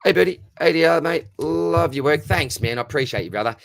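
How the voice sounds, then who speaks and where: Speaking briskly and expressively, an Australian man with a voice on the high side and some vocal fry hosts a casual live stream Q&A. He reads chat questions aloud and answers them like a friendly mate. It's studio quality with no room sound.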